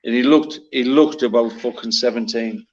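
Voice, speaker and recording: A man spins football yarns in a blunt, heavily profane way. His pitch sits in the middle range. The recording is a little dull and lo-fi. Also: moderate pace. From North East England. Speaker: former footballer telling stories. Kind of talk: casual chat. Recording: slightly muffled lo-fi sound.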